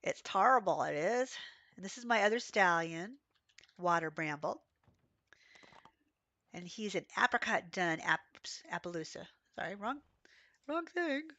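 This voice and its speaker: A woman streaming a game, hoarse and coughing from being sick, chatting and telling rambling stories as she plays. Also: mid-range voice, expressive, unhurried, pauses often, a bit bright, no room sound. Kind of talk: casual livestream chat while playing.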